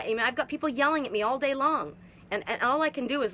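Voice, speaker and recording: A woman's voice: on the high side, expressive, fairly quick, a bit bright, a little hiss or hum. A middle-aged woman giving an emphatic, repetitive spiritual monologue as a twin soul facilitator, speaking outdoors. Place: outdoors in hot humid weather.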